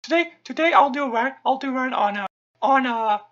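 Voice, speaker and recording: A woman's voice: high-pitched, fairly quick, fairly bright tone. A woman host delivering a profane comic rant, angry and stammering, tacking on "okay?" after nearly every phrase. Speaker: channel host. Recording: dull lo-fi recording.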